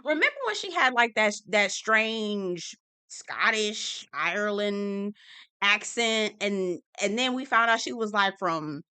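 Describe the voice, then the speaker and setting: A sassy woman with a lilt, talking through a reality show recap in an easy, gossipy way. Her voice is bright and forward. She talks at home in her office. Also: medium pitch, slow, smooth. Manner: sassy and expressive, slangy asides. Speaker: TV recap host.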